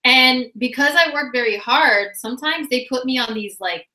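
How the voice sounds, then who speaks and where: Bright, animated woman telling stories. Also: high-pitched, moderate pace. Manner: animated, laughing, full of "like" fillers. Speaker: vlogger. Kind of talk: casual storytelling. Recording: roomy echo.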